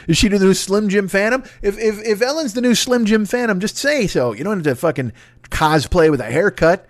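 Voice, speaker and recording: Foul-mouthed rambling man, slightly high. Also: animated, a little fast, no room sound. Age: 40s. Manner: profane, rambling, self-mocking tangents. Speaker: podcast host. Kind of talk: solo comedy podcast rant.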